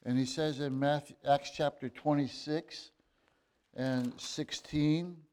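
A man preaching a sermon, reading scripture aloud and explaining it in a halting way, with fillers and restarts, rising to emphatic bursts. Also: on the high side, fairly even intonation, darkish tone. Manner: reads scripture in old-fashioned wording.

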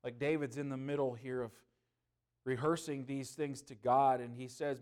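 A man, a pastor, preaching a sermon with passion, swinging between loud pleading and hushed earnestness. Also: medium pitch, moderate pace.

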